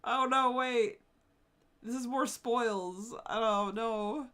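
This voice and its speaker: A woman's voice: fairly high pitch, takes it slowly, a bit bright. A woman streaming live, chatting casually with her viewers, swearing freely and laughing often.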